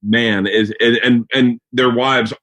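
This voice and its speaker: A man's voice: mid-range voice, steady tone, takes it slowly. A man hosting a podcast in casual chat, telling stories in a loose, rambling way with plenty of swearing. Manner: loud, swearing, rambling storyteller. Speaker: podcast host.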